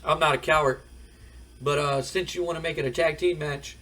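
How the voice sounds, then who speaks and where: A man's voice: on the high side, steady tone, moderate pace, bright, forceful tone, distant mic. A man voicing a veteran wrestler who grudgingly accepts a challenge. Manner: grudging, defensive. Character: defensive veteran male wrestler.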